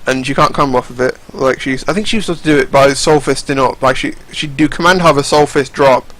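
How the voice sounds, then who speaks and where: Young guy rambling over game footage, swears a lot, keeps restarting his sentences, mid-pitched voice. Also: brisk, fairly bright tone, rough recording. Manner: rambling, profane, frequent restarts. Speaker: fighting game commentator.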